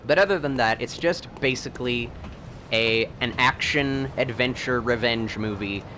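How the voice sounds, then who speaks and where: A man hosting a video game playthrough, rambling and excitable, and laughing often as he plays. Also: mid-range voice, moderate pace, noisy background. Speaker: let's play host. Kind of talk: gameplay commentary.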